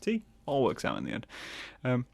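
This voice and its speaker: A man hosting a solo podcast, rambling and joking, often slipping into quick put-on voices. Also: mid-range voice, wildly swooping pitch, vocal fry, dry recording. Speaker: podcast host.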